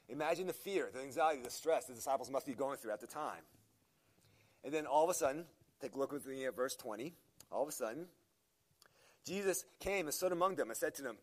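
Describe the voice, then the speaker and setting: A man's voice: mid-range voice, brisk. Earnest man preaching a sermon. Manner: earnest, emphatic preaching with frequent restarts and fillers. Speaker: pastor.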